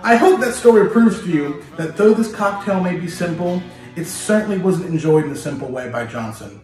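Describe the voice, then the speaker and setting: A man hosting a history video, telling a story lively and speaking straight to the listener in a playful way. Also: high voice, normal speed. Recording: very echoey room, distant mic, music behind.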